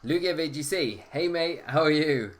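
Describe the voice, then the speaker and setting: A man's voice: a little high, lively intonation, moderate pace, faint music behind. A man hosting a casual live stream, chatting and greeting viewers by name.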